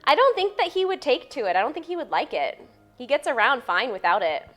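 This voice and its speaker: A woman's voice: high voice, big pitch swings, fairly quick, fairly bright tone, faint music behind. Bubbly woman chatting on a live stream. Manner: bubbly, playful, reads chat aloud and answers it. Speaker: fitness streamer and personal trainer. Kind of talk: casual live-stream chat.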